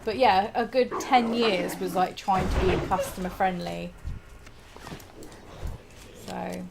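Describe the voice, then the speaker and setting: A woman's voice: medium pitch, slow pace, vocal fry, background noise. A woman chatting casually and teasing while streaming a game, giggly and self-mocking. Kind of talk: casual chat while gaming. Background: loud game music.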